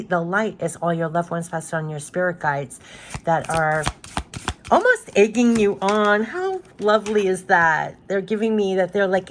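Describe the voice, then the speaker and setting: A woman, a tarot card reader, gives a spiritual card reading in a voice on the low side, with slight background noise. She talks in a loose, rambling way with many restarts, emphatically repeating reassurances.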